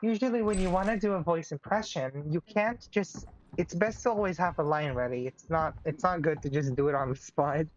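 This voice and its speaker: A woman's voice: low-pitched, brisk, few pauses. A woman chatting on her partner's game stream, giggly and thoughtful as she explains her points. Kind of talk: casual chat. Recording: slightly dull with faint noise.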